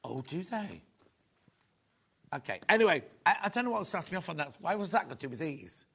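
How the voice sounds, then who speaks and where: A man presenting a live shopping show in a studio, chatty and rambling with quick asides. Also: fairly high pitch, very animated, gravelly, bright, forceful tone, husky. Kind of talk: live selling chat.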